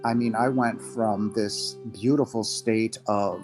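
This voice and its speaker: A man in his fifties, a podcast guest giving a halting, emotional personal testimony, his voice breaking at times. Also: fairly low pitch, steady tone, darkish tone, faint music behind. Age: 50s.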